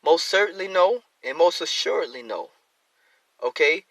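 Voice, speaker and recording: A man teaching scripture on a live stream, reading verses then explaining them in plain, animated talk with features, acting out the excuses people make. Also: fairly high pitch, moderate pace, dry recording, rough recording. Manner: repeats and restarts phrases. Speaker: teacher of a religious group.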